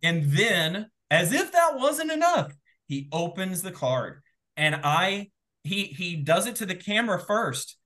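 A man guest telling an excitable, animated story in a casual interview, full of fillers and quick asides. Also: high-pitched. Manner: excitable, animated, rapid filler-heavy retelling. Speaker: guest, former game show contestant.

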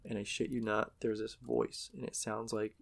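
A man's voice: on the low side, flat delivery, normal speed, vocal fry. A man casually narrating a horror story in a profane, conversational way.

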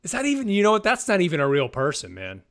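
A man's voice: sits high, wildly swooping pitch, fast, a bit bright. A man co-hosting a podcast, casually recapping a TV episode, rambling and laughing often. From United States. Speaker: podcast co-host.

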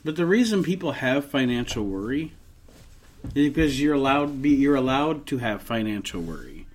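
A man co-hosting a podcast in casual chat, ranting and swearing freely, often restarting sentences and joking at his own expense. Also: medium pitch. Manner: many restarts and trailing off. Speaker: podcast co-host.

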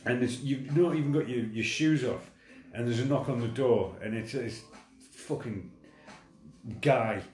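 Unhurried and a bit dark in tone, this mid-range male voice belongs to a casual podcast co-host. He curses, mocks himself, and often starts his sentences over, all in a roomy-sounding space.

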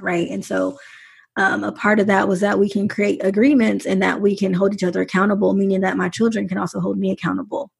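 A woman's voice: medium pitch, little pitch movement, quick pace, creaky, breathy edge. A woman guest and parenting author talking candidly and reflectively in a podcast interview, laughing easily. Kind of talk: conversational interview.

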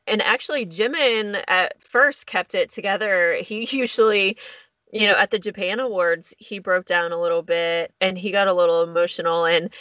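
A woman's voice: medium pitch, pushed and bright, dry recording. Emotional woman co-host, dry dull sound. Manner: emotional, quotes speeches at length. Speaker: podcast co-host. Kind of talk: casual chat, recounting events.

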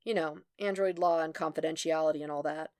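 A woman's voice: sits low, fairly even intonation, a little fast, darkish tone, no echo, studio quality, close to an everyday voice. A woman voicing a flustered young male tech worker, apologetic and frantic, in a storybook reading. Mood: polite.

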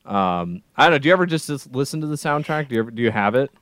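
A man co-hosting a podcast, chatting casually about films in a rambling, animated way with lots of restarts. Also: medium pitch, very fast, no room sound, studio quality. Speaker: podcast co-host. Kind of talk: casual film chat.

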